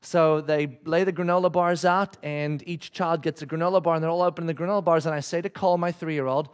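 A man in his thirties preaching a sermon, telling a family story with animated, emphatic delivery. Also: fairly high pitch, fast talker. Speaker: pastor.

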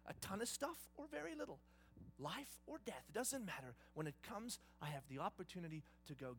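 A man preaching a sermon in an emphatic style, swinging between hushed and loud delivery. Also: high voice, big pitch swings, fairly quick, slight background noise. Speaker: pastor.

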